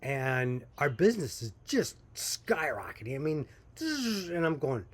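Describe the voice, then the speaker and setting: A man's voice: a little high, wildly swooping pitch, unhurried, slightly rough. A man who owns a small coffee company, telling his story in a chatty, folksy way and chuckling now and then. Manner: folksy, chatty, laughs while telling stories. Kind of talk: casual storytelling to camera.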